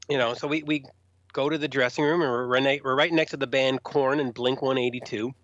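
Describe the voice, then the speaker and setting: A man guest on a casual podcast, telling backstage stories in an animated way and acting out the people he quotes. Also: mid-range voice, brisk, no room sound. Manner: animated, acts out quoted voices. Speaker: rock journalist guest. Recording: dull lo-fi podcast audio.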